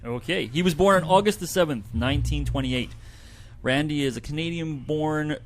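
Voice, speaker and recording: A man co-hosting a community radio show, reading a report aloud with light asides. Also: fairly high pitch. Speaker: co-host presenting a report.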